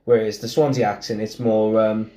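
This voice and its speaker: A man's voice: on the low side, level tone, normal speed, warm tone. A young man from Merthyr with a Welsh accent, co-hosting a podcast in casual, rambling chat with blunt opinions and frequent restarts. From Wales. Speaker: podcast co-host. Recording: roomy echo.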